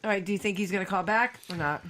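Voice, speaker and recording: A woman co-hosting a podcast, quick to react and tease in casual banter. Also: mid-range voice, fairly bright tone. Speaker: podcast co-host.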